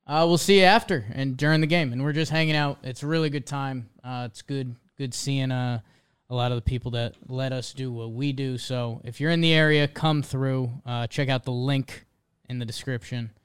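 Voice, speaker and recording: A man's voice: medium pitch, steady tone, normal speed, clean tone. A man co-hosting a casual sports podcast, talking in a laid-back, dry way with lots of fillers. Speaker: podcast co-host.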